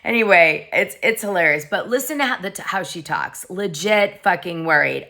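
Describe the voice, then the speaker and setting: A woman with a deep yet bright and punchy voice hosts a casual gossip vlog. She chats freely, swears often and reads private messages aloud. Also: expressive, moderate pace, few pauses. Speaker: gossip show host.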